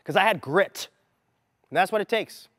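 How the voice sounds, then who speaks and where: At a normal speed and with lively intonation, a man in his thirties speaks to a group as a motivational mindset coach; his voice sits noticeably high with a fairly bright tone. He tells the story energetically, acting out quoted lines, in close, dry audio followed by the long reverb of a large hall.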